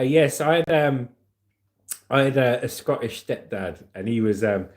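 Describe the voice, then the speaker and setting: A man's voice: medium pitch, slow pace, pauses often. A man with a Hampshire accent hosting a casual livestream, reading comments and joking. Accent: southern English, Hampshire. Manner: jokey, laughs often, lively intonation. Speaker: livestream host.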